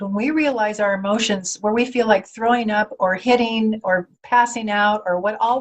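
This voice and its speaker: Animated woman telling faith stories. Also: on the high side. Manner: animated storyteller, acts out quoted voices. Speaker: guest speaker. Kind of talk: conversational podcast talk.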